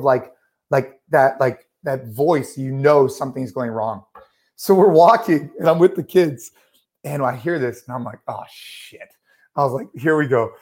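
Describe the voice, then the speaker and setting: Brief: thirties man, slightly high voice, rambling podcast storyteller, full of "like" and "you know". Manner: animated storyteller, many fillers like "like" and "you know". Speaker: podcast co-host.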